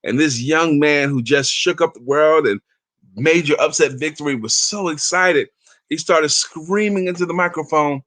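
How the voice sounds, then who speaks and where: A man's voice: fairly high pitch, normal speed, a bit bright, dry recording. A man in his fifties hosting an inspirational talk, telling stories and reading aloud in an emphatic, chatty way. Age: 50s. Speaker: motivational talk host.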